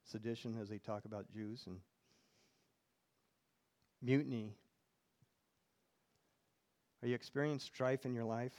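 A man's voice: mid-range voice, steady tone, unhurried, pauses often, darkish tone. Man preaching a sermon in church. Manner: preaching, reading scripture aloud, asking the congregation questions. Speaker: pastor.

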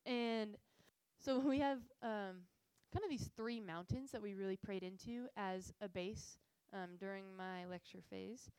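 A woman's voice: medium pitch, a little slow, smooth, dry recording, rough recording. A young woman giving a casual, earnest faith talk to a group, telling stories with lots of fillers. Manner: earnest, animated storytelling with frequent fillers. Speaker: missions speaker.

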